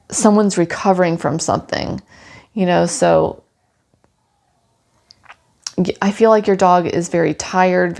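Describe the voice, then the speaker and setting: A woman with a low, gravelly voice talking through a tarot reading. She speaks softly and soothingly and leans on "you know" fillers, like a casual chat with a client. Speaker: tarot pet reader.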